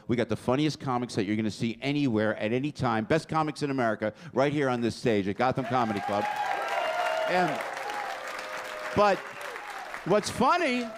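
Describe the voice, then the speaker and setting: Brash comic working a club crowd. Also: male voice, mid-range voice. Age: 60s. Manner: brash, loud, chatty with the audience. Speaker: comedy show host. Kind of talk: stand-up crowd work. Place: packed comedy club stage. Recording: live club with crowd noise.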